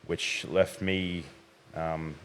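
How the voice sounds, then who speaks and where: A young man, a podcast guest talking through his recent past in a measured way, often hedging. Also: low-pitched, little pitch movement, slight background noise. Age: young adult. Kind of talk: casual interview.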